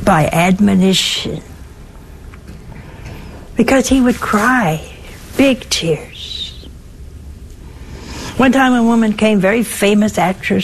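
A woman's voice: medium pitch, creaky, slight background noise, rough recording. A woman, a nun, giving a spiritual talk with folksy stories and pointed rhetorical questions. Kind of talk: sermon.

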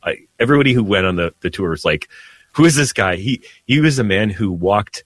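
A man, a priest, telling heartfelt stories in an animated way on a radio talk show. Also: on the low side, fairly quick, no room sound. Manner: emotional, animated storyteller with laughs. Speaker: priest guest. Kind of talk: storytelling radio conversation.

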